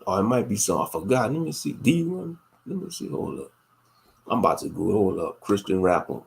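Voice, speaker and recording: A man's voice: lowish voice, big pitch swings, fairly quick, creaky. A man in his late thirties hosting a casual commentary monologue, thinking aloud and turning preachy. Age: late 30s. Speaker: host.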